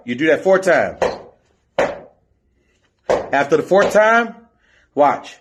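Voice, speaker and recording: A man's voice: fairly high pitch, sing-song, takes it slowly, pauses often, noisy background. A man coaching a step team in an instructional video, counting and chanting the beat while he demonstrates. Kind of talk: instructional video teaching drills.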